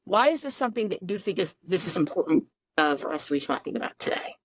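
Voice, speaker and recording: A woman's voice: on the low side, big pitch swings, fast, dry recording. A woman co-hosting a podcast, explaining ideas in an emphatic, teacherly way with frequent rhetorical questions. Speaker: podcast co-host.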